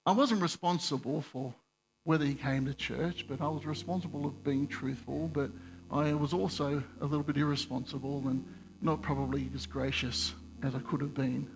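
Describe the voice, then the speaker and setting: A man's voice: a little high, moderate pace, gravelly, noisy background. Male pastor telling a story. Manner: conversational, self-deprecating, animated when retelling dialogue. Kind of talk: sermon with personal storytelling.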